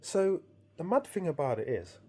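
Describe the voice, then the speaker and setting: A man's voice: a little high, very animated, normal speed, dark tone, slightly rough. A man casually recounting a dream to his viewers, amused and rambling, with frequent restarts. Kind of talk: casual storytelling.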